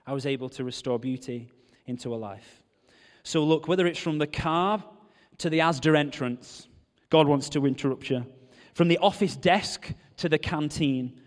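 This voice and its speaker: A man preaching a sermon, telling stories and joking with the congregation. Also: on the high side. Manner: animated, joking storyteller. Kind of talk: sermon with storytelling. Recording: long hall reverb.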